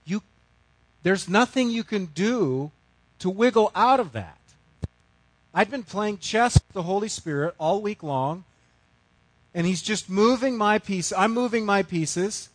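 A middle-aged man preaching a sermon, telling a story with big swings from loud outbursts to hushed, quiet lines. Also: sits high, a little slow, dry recording, poor audio. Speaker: pastor.

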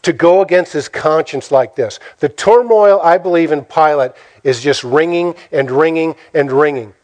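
A man's voice: a little high, normal speed, a little mellow. A man preaching a sermon in a dramatic way, asking the listeners rhetorical questions and acting out the quotes he tells. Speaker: pastor.

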